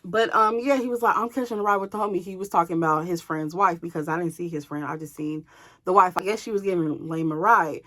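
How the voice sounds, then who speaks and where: A woman vlogger telling a personal story to her viewers in an animated, casual way, swearing freely. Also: fairly low pitch, fairly quick.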